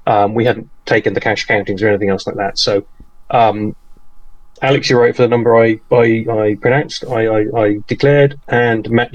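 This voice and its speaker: A man co-hosting a casual podcast, talking in a halting way that repeats words, with polite, formal phrasing. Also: lowish voice, rough recording. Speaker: podcast co-host and charity tournament organiser.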